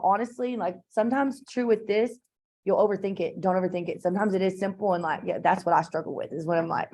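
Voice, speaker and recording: A woman's voice: fairly low pitch, steady tone, fast, dark tone. A woman, teaching a math class in a classroom, chatty and informal with lots of asides and fillers. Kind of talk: classroom lecture.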